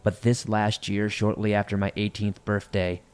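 Man, lowish voice, somber horror story narration, measured delivery. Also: little pitch movement, clear, resonant tone. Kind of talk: scripted narration of listener stories.

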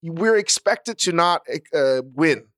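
Higher-voiced man, animated profane chatter. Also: takes it slowly, dry recording, clean studio sound. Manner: animated, profane, laughing storyteller. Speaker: podcast co-host. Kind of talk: casual chat.

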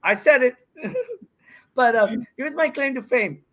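A man's voice: very high-pitched, a little slow. A man in his fifties from India, a podcast guest telling rambling, joking stories in casual chat. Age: 50s. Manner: excitable, joking, rambling storyteller. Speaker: podcast guest, pickleball pro.

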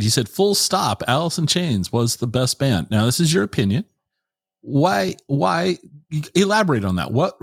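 A man's voice: medium pitch, gravelly, no room sound, clean studio sound. A man interviewing a guest in a casual way, asking playful, probing questions.

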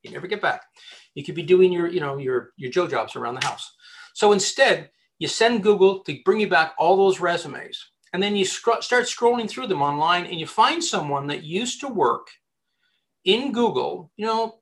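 A man with a slightly raised voice explains job-hunting tactics in a loose, conversational interview. He talks with lively energy, repeating words and restarting sentences as he thinks aloud. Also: sits high. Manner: animated, chatty, many restarts and repeated words. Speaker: headhunter giving job-search advice. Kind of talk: casual advice interview.

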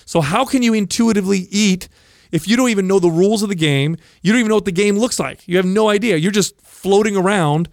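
Over dry studio sound, a man with a somewhat higher voice co-hosts a podcast. He talks in blunt, emphatic bursts and swears freely, pressing his points hard in casual conversation. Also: fast, no echo. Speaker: podcast co-host. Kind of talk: casual chat.

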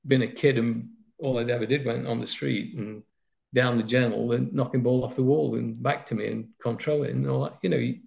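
Fairly quick and steady in tone, this medium-pitched man has a gravelly, darkish voice. The Nottinghamshire native rambles through football memories in an anecdotal interview heavy with fillers, on slightly dull lo-fi audio.

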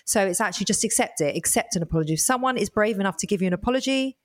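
A middle-aged woman co-hosting a podcast in casual chat, earnest and reflective, slowing down to make her points. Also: medium pitch, expressive. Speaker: podcast co-host.

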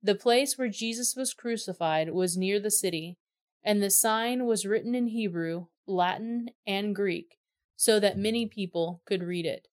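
A woman reading a scripture passage aloud, in plain, steady narration. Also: medium pitch, unhurried. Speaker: scripture reader.

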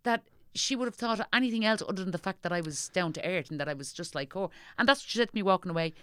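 Middle-aged Dublin woman, quick, low-voiced, lively storyteller who acts out the dialogue. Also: clean tone, dry recording. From Ireland. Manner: animated storyteller, acting out what people said. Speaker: guest. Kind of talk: casual chat.

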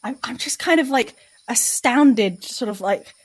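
High, breathy bemused player woman. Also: expressive, unhurried. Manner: hesitant and bemused, many ums. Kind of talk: playing a character in a tabletop game.

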